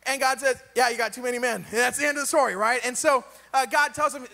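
A man's voice: very high voice, steady tone, fast, gravelly, pushed and bright, long reverb tail. A man preaching a sermon in a casual, joking way, full of rhetorical questions.

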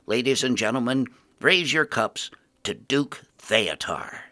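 A small, cheeky gnome engineer talks in a brisk, chatty way, as a male storyteller voices her. Her voice is bright and lively, full of rise and fall. She belongs to a fantasy storybook reading. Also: mid-range voice, no echo, voice pushed up, full character voice. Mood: toasting.

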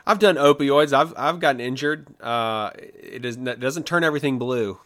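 Male podcast co-host, mid-range voice; relaxed, chatty, and loose with his phrasing. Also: medium pitch, a little slow. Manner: relaxed, chatty, with restarts and fillers. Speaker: podcast co-host reviewing movie trailers. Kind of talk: casual chat.

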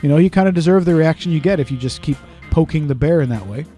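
Fast-talking man telling stories. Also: on the high side, mellow, soft background music. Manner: fast, swearing storyteller who acts out quotes. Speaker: podcast co-host. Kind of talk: casual podcast chat.

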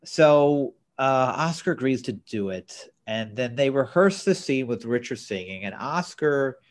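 A man's voice: mid-range voice, expressive, unhurried. A man co-hosting a podcast, recapping a TV episode in casual chat with blunt opinions. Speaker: podcast co-host.

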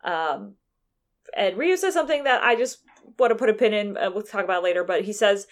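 A woman's voice: mid-range voice, expressive, brisk. A woman co-hosting, retelling events in casual, rambling chat. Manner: rambling storyteller who acts out quotes. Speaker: podcast co-host recapping a game.

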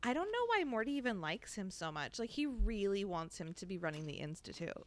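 Woman, casual book-recap chat, sarcastic, lively swoops in pitch, dry close sound. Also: fairly quick, no room sound. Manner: chatty, sarcastic, swears. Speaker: podcast co-host.

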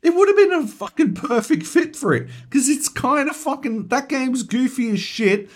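A man's voice: extremely high pitch, lively intonation, normal speed. A man co-hosting a gaming podcast, ranting animatedly and swearing constantly in casual chat. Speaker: podcast co-host.

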